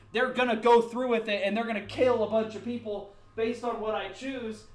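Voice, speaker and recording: A man's voice: very high-pitched, steady tone, a little fast, few pauses. A young man ranting dramatically while playing a game at home, pacing around and moving closer to and farther from his mic. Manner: rambling, dramatic, self-mocking; paces about the room, moving toward and away from the mic. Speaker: gaming YouTuber. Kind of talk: ranting gameplay commentary. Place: home room at his computer. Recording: echoey room, varying distance from the mic.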